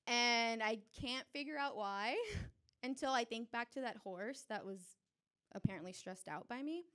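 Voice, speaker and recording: A young adult woman telling a personal story on stage before a live audience, animated and chatty, often laughing. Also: a little high, a little slow.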